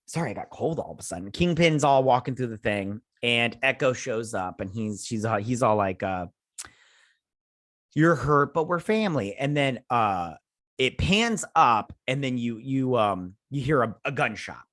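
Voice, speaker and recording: A man's voice: medium pitch, lively intonation, normal speed, fairly bright tone, no echo, studio quality. A man hosting a casual episode review, chatting through the plot in a rambling way with lots of fillers and restarts. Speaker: show host reviewing an episode.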